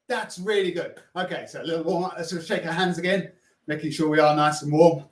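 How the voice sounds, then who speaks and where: Upbeat man leading warm-ups in an echoey room. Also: on the high side, brisk. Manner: upbeat, playful, coaxing instructions. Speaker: primary school music teacher.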